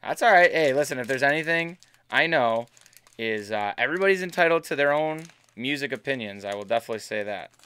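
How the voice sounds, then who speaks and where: A man hosts a live card break stream, opening packs while chatting casually and bantering with viewers. His medium-pitched voice is expressive, pushed and bright, and a little fast, with a clean tone. He comes across as chatty and upbeat.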